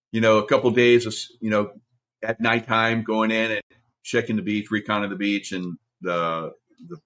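A man's voice: low-pitched, a bit bright. Rambling older man telling war stories. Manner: rambling, frequent "uh" fillers and restarts. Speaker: commentator, former Navy SEAL. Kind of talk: casual storytelling monologue.

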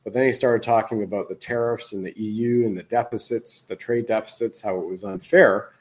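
A man's voice: lowish voice, steady tone, fairly quick, low-quality recording. A man hosting a livestream, giving casual political commentary in a rambling, conversational way that often restarts. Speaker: livestream host.

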